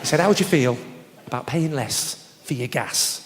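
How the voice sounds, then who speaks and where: A man doing live stand-up comedy, telling a sarcastic story in an animated way with shouted punchlines. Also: medium pitch, normal speed. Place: large theatre stage with audience. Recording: live hall recording with reverb and crowd noise.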